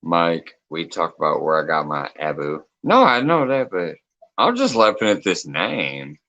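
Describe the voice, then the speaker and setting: Low, slow-talking man on a livestream. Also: sing-song, bright, forceful tone, muffled recording. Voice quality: laughs often, reads chat comments aloud. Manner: loose, joking, swears freely. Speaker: livestream host. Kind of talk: casual late-night livestream chat.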